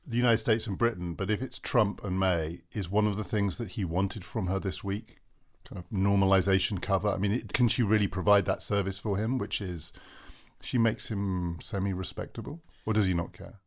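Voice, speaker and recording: A man's voice: sits low, steady tone, normal speed. A man hosting a panel discussion and asking probing questions. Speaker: host.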